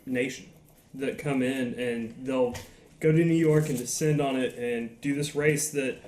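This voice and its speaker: A man's voice: mid-range voice, fairly even intonation, unhurried, a little mellow, roomy sound, a little hiss or hum. A man with a Southern US accent telling profane, laugh-filled stories in a casual podcast chat. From American South. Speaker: podcast guest. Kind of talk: casual storytelling.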